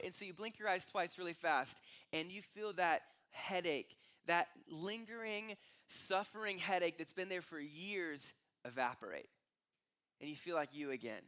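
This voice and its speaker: A man's voice: on the high side, moderate pace. A young man preaching a sermon as pastor, telling stories and acting out voices. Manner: storytelling, acts out voices with rising excitement.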